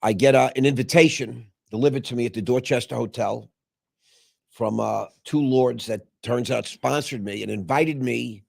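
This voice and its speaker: A man with a gravelly voice tells a personal story in a casual, meandering way, often stopping on filler sounds. His pitch sits mid-range, and the recording is close and dry. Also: a little mellow, dry recording. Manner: rambling, with many filler pauses. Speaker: show host.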